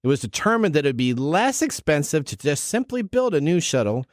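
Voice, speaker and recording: A man's voice: on the high side, sing-song, no echo, studio quality. Chatty upbeat man hosting a radio show. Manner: chatty, upbeat, quick asides. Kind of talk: casual radio chat.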